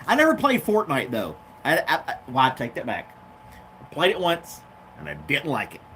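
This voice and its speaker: A man's voice: mid-range voice, wildly swooping pitch, normal speed, pushed and bright, a little hiss or hum. A man hosting his own show, chatting casually and off the cuff, rambling between topics and talking to his dog. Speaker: podcast host. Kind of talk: casual chat.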